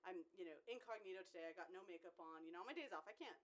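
A woman who works as a local news reporter, chatting casually and telling animated stories. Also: lowish voice, racing. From Utah. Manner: bubbly, animated storyteller. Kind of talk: casual chat.

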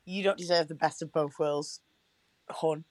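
A woman's voice: sits low, steady tone, unhurried, no echo. A young woman co-hosting a casual podcast, chatty and sweary, often laughing. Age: young adult. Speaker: podcast co-host.

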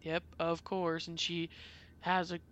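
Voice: medium pitch, completely flat delivery, takes it slowly, a bit bright, muffled recording, slight background noise. A podcast co-host recapping a movie in casual chat, with dry, wry remarks and frequent laughter.

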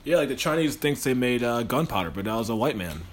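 A man's voice: medium pitch, lively intonation, fast, slight background noise. A young man hosting a podcast, chatting crudely and joking, swearing freely. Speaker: podcast host. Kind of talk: casual crude chat.

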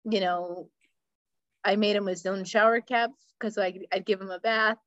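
A woman's voice: medium pitch, fairly even intonation, normal speed, fairly bright tone, no echo, muffled recording. A woman co-hosting a casual podcast chat, telling a story with lots of swearing and laughter. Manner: profane, storytelling, laughs often. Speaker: podcast co-host.

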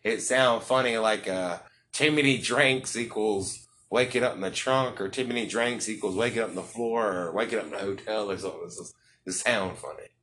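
A man's voice: on the low side, fairly quick, a bit bright, slight background noise. Joking man hosting a podcast. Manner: joking, rambling, profane. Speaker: podcast host. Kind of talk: casual interview chat.

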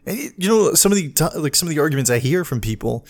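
A man's voice: on the high side, expressive, fast talker. A man ranting in a casual podcast monologue, swearing freely and exasperated, sometimes mocking other people in put-on voices. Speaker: podcast host, medic.

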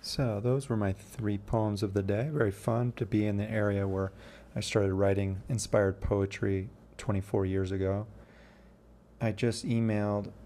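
A man's voice: lowish voice, mellow. A man in his fifties hosting a poetry show, talking in a casual, rambling way and often correcting himself mid-sentence. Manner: rambling, with frequent self-corrections and restarts. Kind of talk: casual solo monologue.

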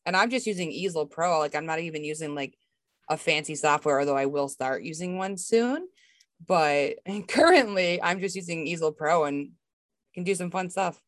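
A woman's voice: low voice, moderate pace, dry recording. A young woman from Massachusetts with a Boston accent, chatting casually about her woodworking and laughing often. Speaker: woodworking artist. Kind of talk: casual video call chat.

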